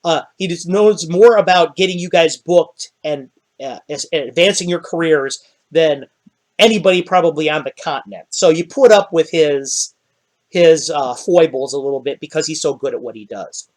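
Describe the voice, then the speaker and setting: Dungeon master guy, slightly high voice, lots of uhs as he sets the scene. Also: normal speed. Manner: rambling, many fillers. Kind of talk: narrating a tabletop game.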